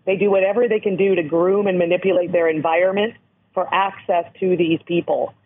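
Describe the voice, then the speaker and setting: A woman from Canada with a hoarse voice, speaking earnestly as an interview guest who educates on abuse prevention. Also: fairly low pitch, steady tone, brisk. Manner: earnest, emphatic, explanatory. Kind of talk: interview over the phone. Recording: tinny phone line.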